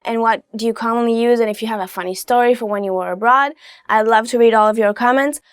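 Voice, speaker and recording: Chatty upbeat woman teacher, fairly high voice. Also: smooth, no echo, studio quality. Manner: chatty and upbeat, drawn-out phrase modelling. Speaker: language teacher host. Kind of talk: casual video lesson.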